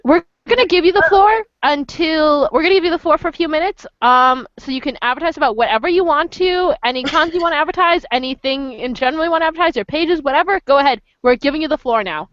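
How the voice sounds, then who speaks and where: A woman hosting a casual podcast chat, telling animated stories and acting out voices. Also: sits high, fast, few pauses, no room sound. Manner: animated storyteller, acts out voices. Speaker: podcast host. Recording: muffled lo-fi dry sound.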